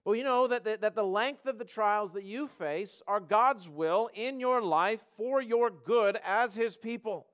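A man delivers a sermon from a church pulpit with a notably high, clear and resonant voice. He preaches earnestly, repeating words as he gathers his thoughts. He slows right down on the lines he wants to stress. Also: fairly bright tone. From Canada. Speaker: pastor.

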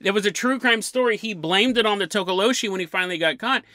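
A man's voice: high-pitched, fast talker, pushed and bright, dry recording. A man hosting a paranormal podcast, telling a story with lots of energy and chuckling mid-sentence. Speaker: podcast host.

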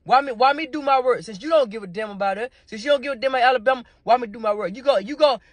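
High-voiced stammering man ranting. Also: very fast, no echo. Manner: stammering repeats, heavy cursing, pleading. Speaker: comedian doing a ranting phone call. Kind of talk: comic rant.

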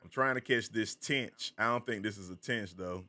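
A man's voice: on the low side, moderate pace, pushed and bright. A man with a Southern American accent, from the Carolinas, casually chatting with viewers by name while streaming a game. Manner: laid-back, chatty, greets viewers by name.

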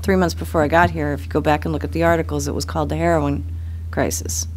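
A man's voice: on the high side, little pitch movement, quick pace, slight background noise. A man, a county official, speaking bluntly at a public meeting and pressing pointed rhetorical questions.

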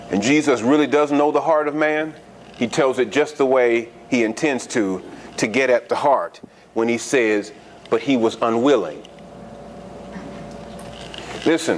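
A man's voice: medium pitch, slight background noise. A man preaching a sermon in a conversational style, asking the congregation frequent rhetorical questions and repeating words as he restarts. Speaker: pastor.

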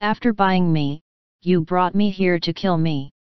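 A woman's voice: fairly low pitch, unhurried, clean tone, no room sound, highs cut off, close to an everyday voice. A woman voicing a cheeky wooden puppet boy, telling his tale playfully in a storybook reading.

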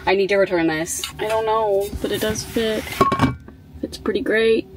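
Speaking over loud music, a young woman vlogs a relaxed storytime, chatting away and leaning heavily on "like." Her pitch is medium, her tone steady and her pace moderate. Echo fills the room, along with faint ambient noise.

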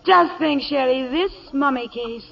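An actress playing a vain, gushing, melodramatic young stage actress in a 1950s radio play, on a dull vintage broadcast recording. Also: female voice, sits high, a little slow, gravelly. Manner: gushing, overly theatrical.

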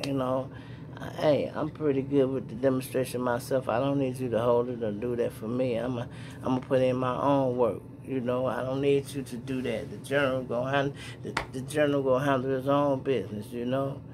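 A man's voice: medium pitch, fairly quick, noisy background. A middle-aged man from Chicago with a Chicago accent, telling street stories to his viewers in slang-heavy casual talk. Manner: animated storyteller acting out sounds and voices.

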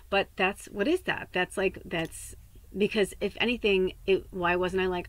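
A woman's voice: medium pitch, fairly quick, fairly bright tone. A middle-aged woman from the Midwest, a psychic medium rambling candidly in a casual spiritual podcast monologue and swearing freely. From American Midwest.

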